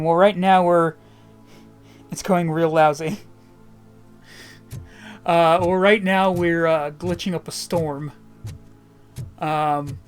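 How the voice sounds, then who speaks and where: A woman's voice: on the low side, steady tone, slow, pauses often, clear, resonant tone, soft background music. A woman streamer chatting casually and joking while playing a video game. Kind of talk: casual live-stream gameplay commentary.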